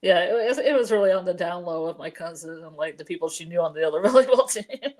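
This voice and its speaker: A woman's voice: on the low side, lively intonation, fast talker, a little mellow. A woman in a friendly casual chat, asking questions and laughing easily.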